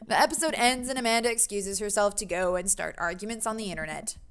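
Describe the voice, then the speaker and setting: A woman's voice: mid-range voice, fast talker, fairly bright tone, a little hiss or hum. A woman streamer reading a game's dialogue aloud in a playful way, commenting as she goes. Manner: playful, reads every character in funny voices. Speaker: streamer playing a dating game.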